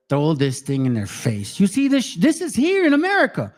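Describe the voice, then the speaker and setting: A man's voice: sits high, huge pitch swings, fairly quick, hardly any pauses, faint music behind. A man giving heated, profane commentary on video clips, ranting angrily.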